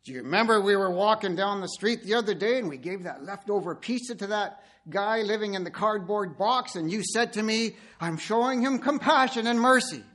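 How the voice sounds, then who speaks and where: A man's voice: sits high, lively intonation, moderate pace, fairly bright tone. A man voicing an upset bride at a wedding who complains indignantly to her groom. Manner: complaining, exasperated.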